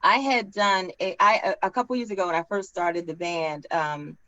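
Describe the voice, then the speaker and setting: A woman singer and co-host on a video call, telling a story earnestly, with halting starts. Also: lowish voice, fairly even intonation, sharp tone, highs cut off. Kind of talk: casual panel chat.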